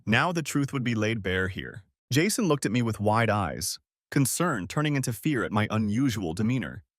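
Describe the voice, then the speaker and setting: A middle-aged man reading a first-person story as an audiobook narrator, steady and earnest. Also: fairly low pitch, moderate pace, no echo, clean studio sound.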